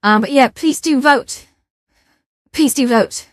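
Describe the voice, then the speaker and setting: A woman chats to her live-stream viewers in a casual, self-mocking way, with the odd mild swear. Her voice sits somewhat high. The sound is close and dry, picked up on a headset mic with no room echo. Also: takes it slowly.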